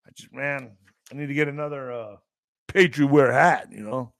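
A man's voice: mid-range voice, normal speed, gravelly, a bit bright, no echo, rough recording. A man hosting his morning show, rambling casually and profanely while reading news aloud with stumbles.

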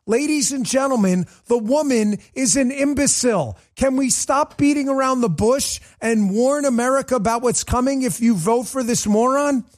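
A man's voice: very high voice, moderate pace, hardly any pauses. A man hosting a political talk show, delivering a combative, mocking monologue with lots of repetition.

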